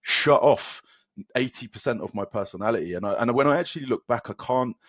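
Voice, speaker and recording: A man who works as a fitness coach, chatting as a podcast guest, telling stories in a rapid, animated way with lots of restarts. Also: medium pitch, no room sound. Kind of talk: casual podcast conversation. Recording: dull, dry lo-fi sound.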